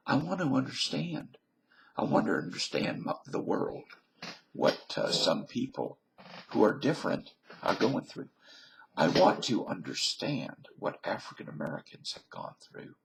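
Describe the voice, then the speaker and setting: Vlogger, male, Southern US accent, lowish gravelly voice, meandering folksy monologue. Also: fairly bright tone. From Canada. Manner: folksy, self-mocking, meandering. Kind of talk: rambling casual monologue.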